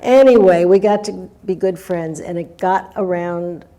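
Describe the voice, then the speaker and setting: An older woman tells a story in a loose, chatty way, circling back and restarting her sentences. Her voice sits a little low and sounds mellow and soft-edged. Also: measured pace. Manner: meandering, with restarts and acted-out quotes. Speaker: guest storyteller. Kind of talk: casual spoken storytelling.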